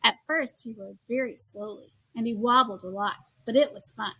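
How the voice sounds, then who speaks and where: A woman reading children's picture books aloud in an expressive storytelling manner. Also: fairly high pitch, normal speed, vocal fry, noisy background. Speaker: storybook reader.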